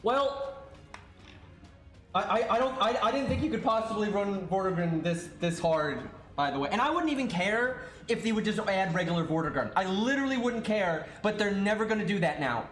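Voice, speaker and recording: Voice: mid-range voice, lively intonation, normal speed, a bit bright, reverberant, soft background music. A streamer on a livestream, ranting, swearing and stammering out of exasperation. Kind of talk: livestream rant.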